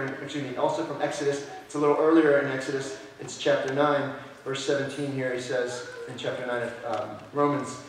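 A man's voice: mid-range voice, slight background noise. A male pastor preaching a sermon in a conversational way, often asking his congregation questions. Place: church sanctuary. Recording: echoey church room, voice from a distance.

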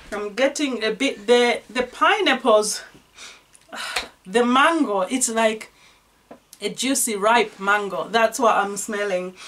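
A young woman casually unboxing and reviewing perfumes, gushing and excitable, laughing and sighing as she talks. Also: mid-range voice. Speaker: fragrance reviewer.

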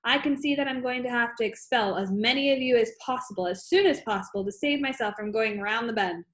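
A woman's voice: fairly high pitch, fairly quick, reverberant, natural voice. Trunchbull, a woman doing a bellowing headmistress. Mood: scornful. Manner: barking, bellowing and sneering. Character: huge bullying female headmistress, harsh and scornful. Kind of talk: audiobook reading.

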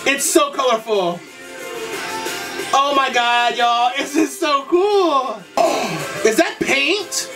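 A young man doing excited reaction commentary, gushing, campy and full of swearing, gasps and shrieks. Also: very high voice, slow pace, pauses often, recorded from a distance. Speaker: YouTube reactor. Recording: music video playing loudly behind. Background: pop music.

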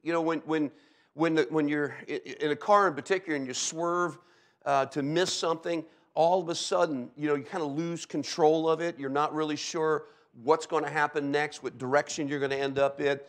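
Storytelling pastor with lots of "okay?" asides. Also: male voice, a little high, fairly even intonation, fairly quick. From Delaware, USA. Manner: storytelling with sound effects and frequent "okay?" asides. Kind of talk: sermon.

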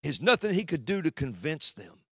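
A man preaching a sermon from the pulpit, swinging between loud declarations and hushed, low passages. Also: big pitch swings, a little fast, breathy edge, no room sound, studio quality.

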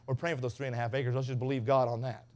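A revival preacher speaks rapid-fire in a mid-range, flat voice inside a tent. He spins folksy tales, mimicking each character's voice, and works himself up to shouts.

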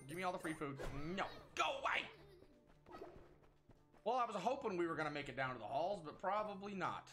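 Excitable male gameplay host, slightly high voice, lively delivery. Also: quick pace. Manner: excitable, frequent exclamations, self-talk. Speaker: gaming channel host. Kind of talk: casual gameplay commentary. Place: at home. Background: game music.

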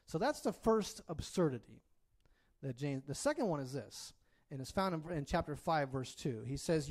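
This preacher's voice runs on the high side and a little mellow, very animated at a moderate pace. He gives his church sermon in a conversational, expressive way, frequently checking in with the congregation.

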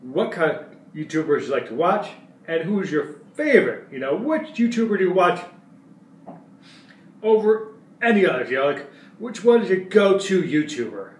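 A male vlogger talking casually to camera in a playful way, jumping between loud outbursts and quiet asides. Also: high-pitched, sing-song, moderate pace, pauses often, far from the mic. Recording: echoey room, away from mic.

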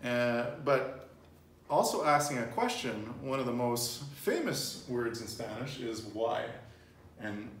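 A man's voice: mid-range voice, lively intonation, slow. Man teaching Spanish in a roomy space. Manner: patient, prompting the learner, repeats answers. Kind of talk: casual language lesson. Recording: roomy, distant mic with faint noise.

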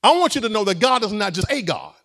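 A man's voice: sits high, very animated, quick pace, a bit bright. A man preaching a sermon as pastor, conversational and playful, with call-and-response to the congregation.

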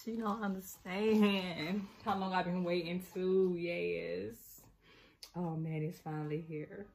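A woman's voice: fairly low pitch, fairly even intonation, slow, vocal fry, a little mellow, a little hiss or hum. A woman filming a casual unboxing on her phone, gushing, laughing and repeating herself as she chats. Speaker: vlogger unboxing makeup. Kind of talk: casual excited unboxing chat. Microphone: phone camera.

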